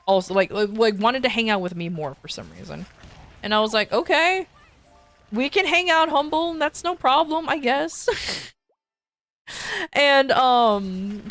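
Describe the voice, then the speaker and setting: A woman streamer casually telling a long personal story, rambling with frequent restarts and voicing the people she quotes. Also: mid-range voice. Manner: animated when quoting others.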